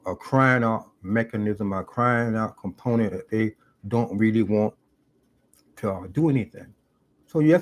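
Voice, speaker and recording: Middle-aged man, earnest vlog monologue, repeats himself for emphasis, preachy delivery, mid-pitched voice. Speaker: YouTube commentator. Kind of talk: reflective monologue. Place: parked car.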